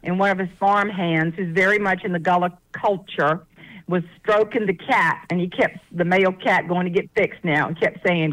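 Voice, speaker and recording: A woman's voice: fairly low pitch, fairly even intonation, normal speed, a bit bright, poor audio. A woman from the American South with a Southern accent, a guest author telling folksy stories on a radio show. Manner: folksy, laughs often, chatty. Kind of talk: casual interview storytelling.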